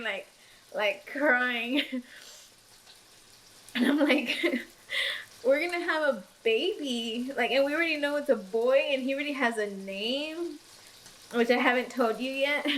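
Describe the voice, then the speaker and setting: A young pregnant woman chats in her kitchen, laughing often and getting teary. Her voice sits a little high. A pan sizzles faintly in the background. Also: a bit bright, slight background noise, rough recording. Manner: emotional and giggly, many fillers. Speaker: vlogger. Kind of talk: casual chat while cooking. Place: home kitchen. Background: food sizzling in a pan.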